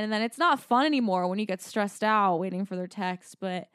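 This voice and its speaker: A young woman co-hosts a podcast, chatting casually and telling stories with frequent use of "like." Her medium-pitched voice is brisk, a bit bright, clear, and resonant, recorded cleanly in a studio with no room sound.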